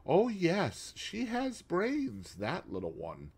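A man's voice: high voice, wildly swooping pitch, slow, a little mellow, breathy edge, pitched above the performer's own voice, exaggerated voice. A man doing a fussy Belgian detective. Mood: probing. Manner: precise, probing questions. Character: fussy Belgian male detective, middle-aged.

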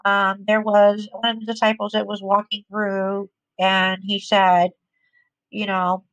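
A woman's voice: medium pitch, level tone, unhurried, fairly bright tone, dry recording, low-quality recording. A woman spiritual teacher giving a conversational inspirational talk, often repeating phrases for emphasis.

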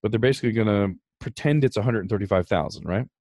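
A man's voice: lowish voice, fast talker, dry recording, studio quality. A man hosting a podcast, explaining finance numbers in a casual, emphatic way. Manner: animated, emphatic, talks through numbers. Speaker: podcast host.

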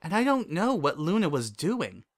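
Anxious young female pony, voiced by a man, bookish and high-pitched. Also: huge pitch swings, moderate pace, full character voice. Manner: anxious, fretful.

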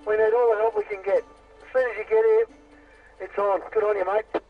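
An Australian man with a very high voice chats over a two-way radio, friendly and matey. The sound is thin and tinny like a radio handset, with faint music behind. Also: sing-song, brisk, gravelly.

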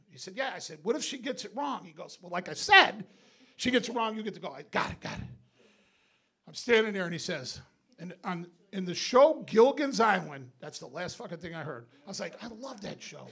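A man does stand-up in a club, spinning a rowdy story with plenty of swearing and laughs at his own jokes. His voice sits very high for a man and has a bright, forceful edge. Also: lively intonation, brisk, husky. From Binghamton, New York. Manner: swearing, laughing through the punchlines. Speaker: stand-up comedian. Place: comedy club stage with audience.

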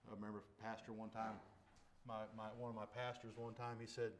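A man telling his conversion story in church as a lay preacher, folksy and plain, dropping to a hush and then bursting out loud. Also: lowish voice, level tone, brisk. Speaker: lay preacher giving testimony. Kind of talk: testimony sermon. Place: church service.

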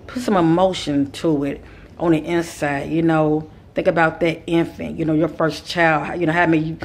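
Speaking as a spiritual teacher at a moderate pace, this woman offers spiritual guidance in a low-pitched, level voice. Her monologue rolls in a repetitive, sermon-like rhythm as she addresses listeners as kings and queens.

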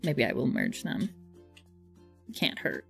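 A woman's voice: extremely low pitch, wildly swooping pitch, takes it slowly, creaky, soft background music. A woman streamer chatting casually while playing a game, telling stories playfully with mock outrage. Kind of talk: casual gameplay chat.

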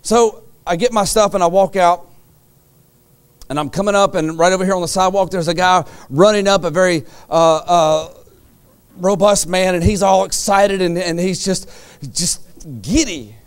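Pastor with a high, smooth voice. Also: male voice, fairly even intonation, moderate pace. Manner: storytelling, acts out quoted lines with sudden loud jumps; drops to a low, quiet voice for serious points. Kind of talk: sermon. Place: church sanctuary.

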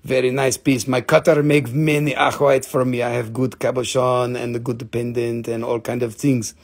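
A man's voice: mid-range voice, level tone, normal speed, lightly acted. A man voicing a jokey, haggling gem dealer who speaks in broken English with teasing sales patter. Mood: playful haggling.

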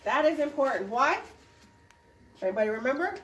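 High-voiced woman teaching in an echoey clinic. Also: lively intonation, recorded from a distance, lo-fi sound, slight background noise. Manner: brisk, quizzing students with quick questions. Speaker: dental instructor. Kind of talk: hands-on classroom demonstration. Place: clinic classroom. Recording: roomy sound from off-mic.

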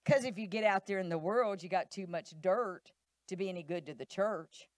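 A woman's voice: mid-range voice, moderate pace, no echo, clean studio sound. A middle-aged woman pastor, preaching animatedly in church and acting out voices. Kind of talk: sermon.

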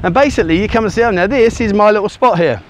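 Chatty man, slightly high voice. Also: fast talker, slight background noise. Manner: rambling, chatty, many ums and uhs. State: out of breath from walking on sand. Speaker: travel vlogger. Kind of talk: casual walking vlog to camera. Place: outdoors on a sunny beach. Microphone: handheld camera he turns around.

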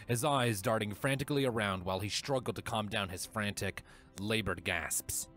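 A man reads a fan-written story aloud as a narrator, steady and expressive in his delivery. His voice sits on the low side, with soft music faintly playing underneath. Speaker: fanfiction reader. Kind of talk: audiobook-style story narration.

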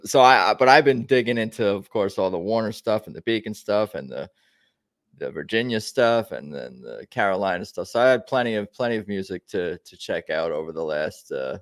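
A man's voice: deep voice, dry recording, clean studio sound. A man hosting a fan podcast, talking loosely and rambling, with frequent ums and restarts. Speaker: podcast host. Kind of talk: casual podcast intro.

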